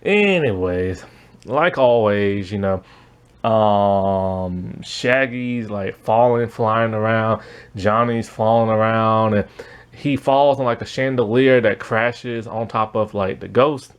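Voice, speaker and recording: A man's voice: lowish voice, slow pace, smooth. A man giving a casual spoken review of a cartoon, rambling with lots of fillers and frequent laughter.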